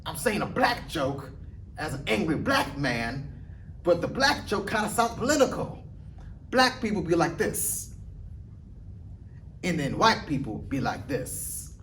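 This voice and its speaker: A high, strained, ranting voice as a man puts it on, loud and emphatic, with swearing punching each line. The sound is distant, with faint ambience underneath. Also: big pitch swings, measured pace, long pauses, a little hiss or hum, heavily acted. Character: ranting, angry young male political comic.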